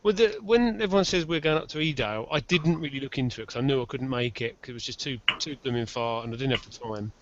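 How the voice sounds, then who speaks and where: A man's voice: medium pitch, quick pace, few pauses, slight background noise. A man in casual podcast chat, easygoing and agreeable. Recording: dull lo-fi audio.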